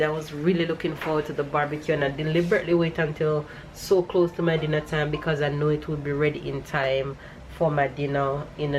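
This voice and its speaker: A young adult woman with a Jamaican accent, chatting casually to camera in a vlog, animated, with loud bursts of cheering. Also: sits low, a little hiss or hum. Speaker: vlogger.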